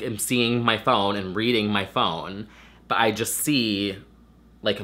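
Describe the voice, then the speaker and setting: Speaking in a lowish, pushed and bright voice, a young man who vlogs has a nasal sound as he gets over a swollen throat. The talk is loose casual chat, chatty and full of swearing and frequent "like" fillers.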